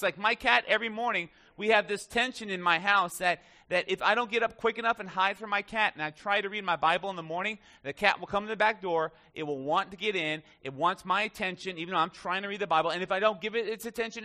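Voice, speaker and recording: A man's voice: high voice, fast, hardly any pauses, sharp tone. A male pastor giving a conversational sermon in church, joking with the congregation.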